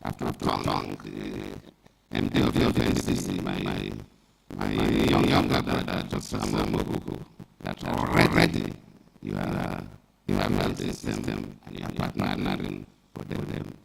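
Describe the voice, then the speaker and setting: A man's voice: rumbling low, big pitch swings, unhurried, vocal fry. A man giving a formal thank-you speech at an event, stumbling and repeating words. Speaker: speaker giving thanks at a launch. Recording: noisy event recording.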